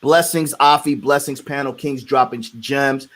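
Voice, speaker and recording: A man's voice: medium pitch, fairly even intonation, a little slow, fairly bright tone. Man hosting an online panel, easygoing, works the room and reads donations. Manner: reads out super chats, calls on panelists. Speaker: podcast panel host. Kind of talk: casual panel chat.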